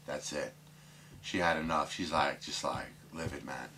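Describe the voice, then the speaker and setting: A man's voice: very deep voice, normal speed, pushed and bright, slight background noise. A man telling dirty jokes casually, rambling with lots of fillers and putting on voices for the characters. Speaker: joke teller.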